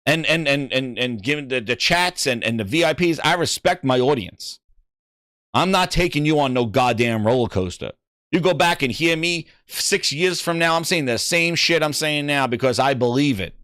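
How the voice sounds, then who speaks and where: A man's voice: medium pitch, expressive, moderate pace, bright, forceful tone, dry recording, studio quality. A man hosting a gaming livestream, reading viewer comments in casual, profane, hype-driven banter. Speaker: gaming channel host.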